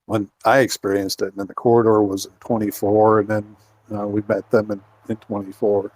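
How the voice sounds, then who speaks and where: Middle-aged male guest, low voice, rambling storyteller, dry close recording. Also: little pitch movement, fairly quick, darkish tone, dry recording. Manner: rambling, full of fillers and restarts. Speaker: guest, outdoorsman and Bigfoot researcher. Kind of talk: casual storytelling interview.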